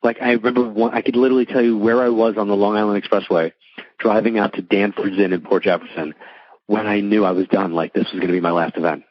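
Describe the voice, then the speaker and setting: Middle-aged man, husky voice, talking casually in a dry, close room, muffled sound. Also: fairly low pitch, level tone, quick pace, no echo. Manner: chatty, many likes and restarts, acts out quoted voices. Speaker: psychic medium guest. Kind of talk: casual storytelling interview.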